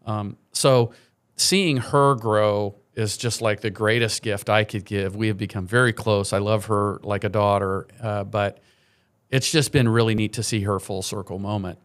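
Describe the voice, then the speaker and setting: A man's voice: lowish voice, fairly even intonation, normal speed. A middle-aged man, a charity program leader, telling earnest, heartfelt stories as a guest on a morning TV interview in a studio.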